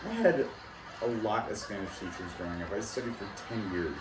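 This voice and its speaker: A man's voice: fairly low pitch, animated, fairly quick. A man talking alone in a rambling, jumpy way about accents and his language lessons, laughing at his own jokes. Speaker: vlogger. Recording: echoey room, far from mic, noisy.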